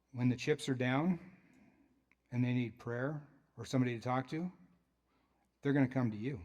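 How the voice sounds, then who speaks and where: A man's voice: medium pitch, mellow. A man as a pastor preaching a sermon in a church, in a conversational way with joking asides.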